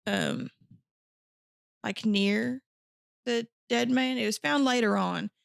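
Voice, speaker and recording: A woman's voice: fairly high pitch, slow, vocal fry, dry recording, studio quality. A woman co-hosting a podcast, chatting in a giggly, rambling, self-deprecating way. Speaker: podcast co-host. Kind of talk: casual chat.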